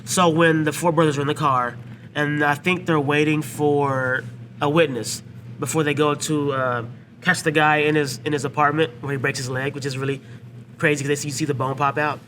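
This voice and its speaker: Man, podcast co-host, bright and slightly high voice, casual movie recap, faint hiss behind. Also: level tone, a little fast. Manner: retells scenes with quoted lines. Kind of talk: casual film discussion.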